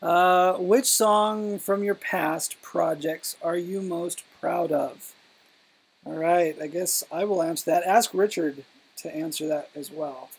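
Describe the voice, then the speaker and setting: Husky-voiced man reading out questions. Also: high voice, fairly even intonation, slow pace. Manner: hesitant, thinks aloud with many ums. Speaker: co-host answering viewer questions. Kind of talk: casual live Q&A chat.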